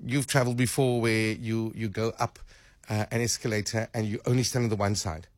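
A man hosting a talk show, musing aloud, often repeating words and getting animated. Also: fairly low pitch, a little fast, no echo. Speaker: radio host. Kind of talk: casual radio chat.

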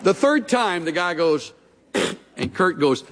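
Male pastor, sermon, lively swooping voice, folksy humorous storytelling, big church hall reverb. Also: sits high, slow pace, noisy background. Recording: long reverb of a large hall.

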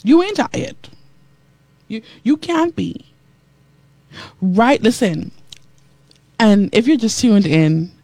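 Animated preacherly woman radio host. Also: lowish voice, gravelly, no echo. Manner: animated preacherly delivery, repeating phrases, reading comments aloud. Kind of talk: preaching talk show with listener texts.

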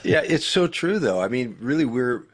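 A man guesting as an author, speaking in an animated, emphatic, preacherly way about faith and communication. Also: medium pitch, normal speed, husky. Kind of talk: faith-based interview talk.

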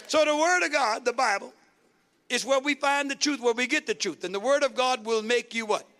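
A man preaching a sermon as pastor, calling out questions to the congregation and building to shouted runs. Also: extremely high pitch, fairly quick. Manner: call-and-response preaching, rising to shouts.

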